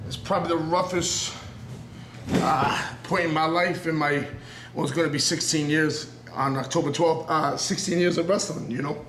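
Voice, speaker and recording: New York wrestler in his 30s, earnest, rambling promo, fairly high voice, roomy sound. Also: steady tone, moderate pace, background noise. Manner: earnest and intense, rambling, circling back on himself. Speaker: professional wrestler. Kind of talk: raw unscripted wrestling promo interview. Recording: roomy echo.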